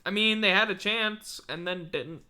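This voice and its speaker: Tired man, sports podcast host, bright tone, blunt and sarcastic. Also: sits high, moderate pace, clear, resonant tone. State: tired, yawning. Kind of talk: casual sports recap.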